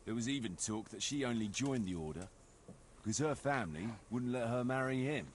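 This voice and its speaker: A bitter noble knight, voiced by a man, tells his family's troubles with dry, sardonic bluntness. His voice sits at an ordinary middle pitch. A faint hiss lies under this video game dialogue. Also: expressive, fairly quick, natural voice. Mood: wry. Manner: wry, sardonic storytelling.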